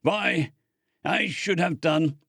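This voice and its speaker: A man voicing a weary, modest young spaceship crewman who answers with a quiet "aye". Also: a little high, slow, gravelly, breathy edge, dry recording, clean studio sound, voice pushed up, exaggerated voice. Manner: quiet, humble, says "aye". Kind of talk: audiobook character voice.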